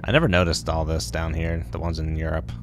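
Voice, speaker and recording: Deep-voiced joking game streamer. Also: male voice, fairly quick. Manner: joking, excitable, talks to chat. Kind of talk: casual gameplay commentary. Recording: voice over game music.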